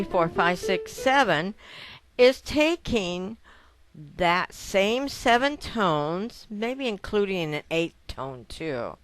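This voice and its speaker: Slow-speaking woman teaching piano. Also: lowish voice, a bit bright, no echo. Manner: patient, explains step by step, counts aloud. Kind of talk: piano lesson. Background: piano notes played between phrases.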